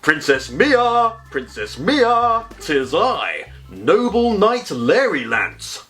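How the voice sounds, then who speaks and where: A man plays a pompous knight in a storybook who announces himself in a slow, grand declaiming way. The voice is lifted and swoops theatrically. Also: high voice, huge pitch swings, a bit bright, faint music behind, exaggerated voice. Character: pompous, boastful young knight. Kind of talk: bedtime storybook voice acting.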